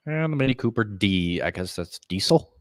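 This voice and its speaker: Opinionated podcast co-host, man, lower voice, dry close mic, casual. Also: expressive, normal speed, no room sound. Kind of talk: casual chat.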